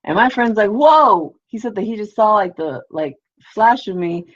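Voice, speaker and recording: A woman hosting a livestream tells a meandering, casual story at a moderate pace in a mid-range voice, dropping in "you know", "like" and the odd curse word, all over lo-fi livestream sound.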